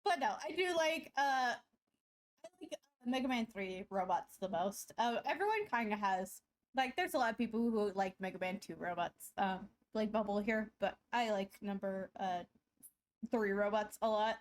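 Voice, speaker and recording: A woman's voice: medium pitch, animated, normal speed. A woman artist chatting casually with her stream viewers while drawing, giggling often and joking about herself in a rambling way. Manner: giggly, rambling, laughs often mid-sentence; playful self-mocking banter.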